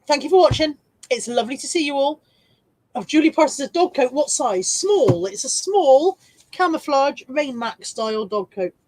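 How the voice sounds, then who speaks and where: A woman's voice: darkish tone, no room sound, rough recording. A woman hosting a casual live stream from home, reading viewer comments aloud and laughing easily. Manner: high baby-talk voice to her dog.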